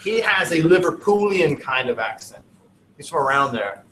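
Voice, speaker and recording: A man's voice: on the high side, very animated, normal speed, fairly bright tone, a little hiss or hum. Chatty male teacher in an echoey classroom. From United States. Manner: chatty, jokey, digressive. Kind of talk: classroom lecture. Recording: roomy classroom audio from a distant mic.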